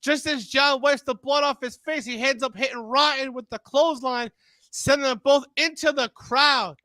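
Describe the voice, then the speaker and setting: High-pitched, bright-voiced man calling wrestling. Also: normal speed, dry recording. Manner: rambling, animated, stumbles over words. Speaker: wrestling commentator. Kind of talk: excited play-by-play commentary.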